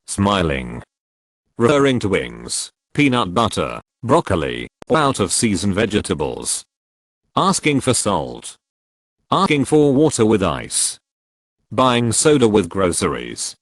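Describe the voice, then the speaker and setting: A man's voice: on the low side, dry recording. A man narrating, reading out a list of online comments. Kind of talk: scripted narration.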